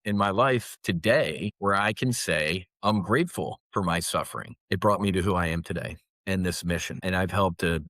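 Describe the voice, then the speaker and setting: A man's voice: sits low, moderate pace, hardly any pauses, fairly bright tone, no room sound. A man in his fifties, a former fighter pilot, talking candidly and intensely in an interview, often restarting and then pushing words out with emphasis. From United States. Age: 50s. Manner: earnest, intense, with frequent restarts and emphatic rises.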